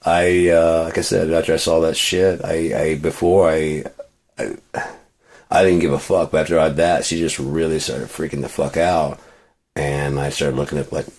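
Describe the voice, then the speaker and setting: Male vlogger, gravelly and husky, rambling and profane, venting casually. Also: extremely low pitch, flat delivery, normal speed, a little mellow. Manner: rambling, profane, restarts often.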